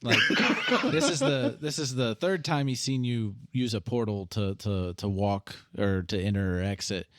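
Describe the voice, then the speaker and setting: A man's voice: on the low side, normal speed, background noise. A man running a tabletop game as game master, talking with many fillers and restarts.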